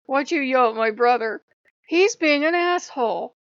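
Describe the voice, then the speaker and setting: A woman voicing a gruff, protective male god who talks bluntly and scolds. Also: high voice, lively intonation, moderate pace, no echo, pitched above the performer's own voice. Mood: scolding. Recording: dull lo-fi, dry.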